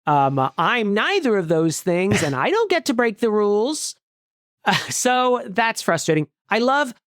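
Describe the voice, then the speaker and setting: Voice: mid-range voice, sing-song, measured pace, fairly bright tone, dry recording. Co-host for a film podcast: wry, self-mocking, rambly, dry close sound. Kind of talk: casual movie-review chat.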